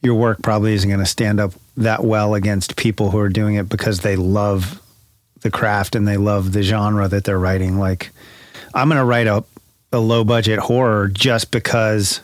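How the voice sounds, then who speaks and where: A man's voice: fairly low pitch, flat delivery, moderate pace, dry recording, clean studio sound. A man co-hosting a podcast, speaking thoughtfully and rambling, often correcting himself mid-sentence. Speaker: podcast co-host. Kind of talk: casual chat.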